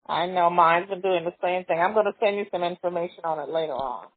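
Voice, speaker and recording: A woman chatting casually on a live stream call, relaxed and unhurried, sighing between phrases. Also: lowish voice, no room sound. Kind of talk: casual phone chat. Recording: tinny phone line.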